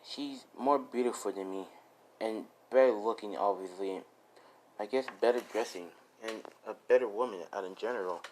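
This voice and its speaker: A man voicing a heartbroken grown woman whose husband betrayed her, speaking quietly and subdued. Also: fairly low pitch, moderate pace, slight background noise, natural voice, poor audio. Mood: dejected.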